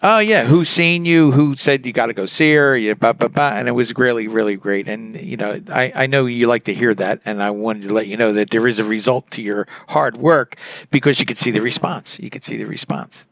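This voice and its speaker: A male host chatting eagerly with a guest, promoting his show with halting restarts. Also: mid-range voice, gravelly, a bit bright, no room sound, highs cut off. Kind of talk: casual interview chat.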